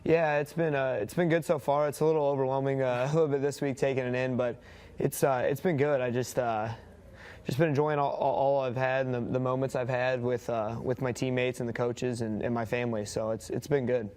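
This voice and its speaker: A young college athlete answering interview questions modestly, stumbling and restarting often. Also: male voice, medium pitch, fairly even intonation, darkish tone, smooth. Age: young adult. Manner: modest, halting, lots of restarts. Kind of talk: casual interview.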